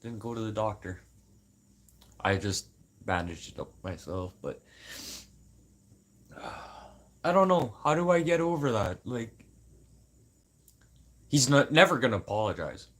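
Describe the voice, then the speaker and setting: A man from Manitoba venting in a casual, unscripted talk to camera, swearing a lot and swinging from loud outbursts to low mutters. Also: sing-song, a little slow, pauses often. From Manitoba, Canada. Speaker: vlogger.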